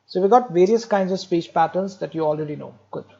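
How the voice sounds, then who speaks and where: A man's voice: high voice, a little fast, gravelly, dark tone, highs cut off. A man giving a medical lecture, explaining step by step, repeating key terms and speaking directly to students with light jokes. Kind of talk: recorded exam-prep lecture.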